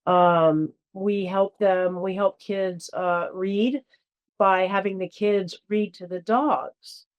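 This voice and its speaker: A woman guest and charity board member talking in a casual interview, halting with many fillers. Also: medium pitch, fairly even intonation, muffled recording.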